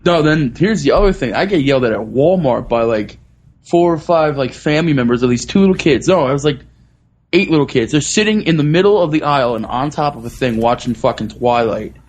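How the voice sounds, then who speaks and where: A man's voice: mid-range voice, animated, fairly quick, a little mellow. A man on a casual comedy podcast telling blunt stories, full of swearing. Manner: profane, blunt storyteller. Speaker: podcast guest.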